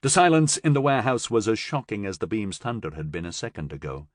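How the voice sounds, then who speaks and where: Male audiobook narrator, low and animated, dry close-mic read. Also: fast, dry recording. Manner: expressive, dramatic storytelling. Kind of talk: scripted narration.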